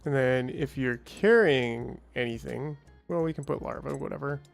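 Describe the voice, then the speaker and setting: A man's voice: medium pitch, moderate pace, vocal fry, soft background music. A man hosting a let's play, thinking aloud in a chatty way with small exclamations and restarts. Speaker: gaming channel host.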